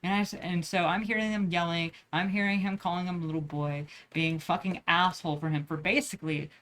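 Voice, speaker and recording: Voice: medium pitch, steady tone, a little fast, a bit bright. A young adult vlogger chatting casually while drawing, rambling with lots of swearing and restarts. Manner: rambling, profane, many restarts.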